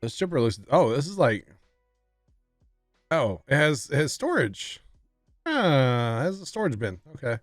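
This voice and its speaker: A man's voice: mid-range voice, very animated, unhurried, pauses often, no echo, studio quality, soft background music. Chatty man streaming a farming game. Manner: chatty, often apologizing to chat with laughs. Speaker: livestreamer. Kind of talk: casual gameplay commentary.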